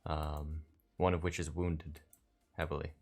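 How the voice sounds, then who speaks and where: A man with a deep, low voice narrates a tabletop game as dungeon master. He talks slowly, with many pauses and fillers. His delivery is loose and casual. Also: little pitch movement, a little mellow. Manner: halting, filler-heavy narration.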